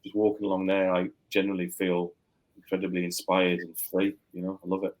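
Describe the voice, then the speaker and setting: A man from Yorkshire, a guest author, chatting casually on a podcast, relaxed and rambling, laughing easily. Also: sits low, brisk, low-quality recording.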